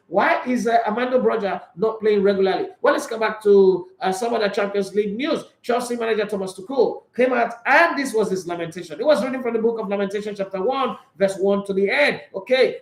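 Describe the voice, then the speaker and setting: A man hosting an opinionated football show, talking in an animated, emphatic way full of rhetorical questions. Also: high voice. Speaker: sports show host. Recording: roomy echo.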